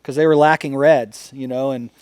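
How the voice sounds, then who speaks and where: A man's voice: medium pitch, fairly even intonation, normal speed, a little mellow, clean tone, no room sound. A man from Northern California, a company founder, telling blunt, profane stories as a guest in a casual interview. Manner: profane, emphatic storyteller.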